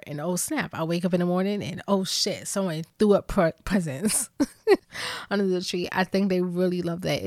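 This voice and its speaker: A woman's voice: on the low side, a little mellow, no room sound. Playful woman podcast host, dry sound. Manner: chatty and playful, laughing often. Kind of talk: casual chat.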